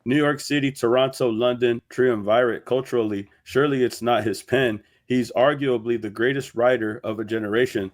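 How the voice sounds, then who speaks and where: A man delivering a steady, argumentative opinion segment in a commentary video. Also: medium pitch, moderate pace, hardly any pauses.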